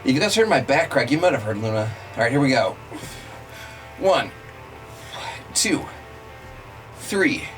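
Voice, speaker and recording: A young man's mid-range, slightly bright voice comes through a low-quality recording of his live stream. He's playful, joking with viewers and counting reps as he exercises.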